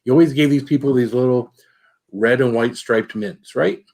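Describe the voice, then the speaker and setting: A man's voice: mid-range voice, moderate pace, creaky, a little mellow. A man chatting casually and telling a story from his past, with many fillers. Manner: rambling, many fillers, tells stories from work. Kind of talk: casual chat.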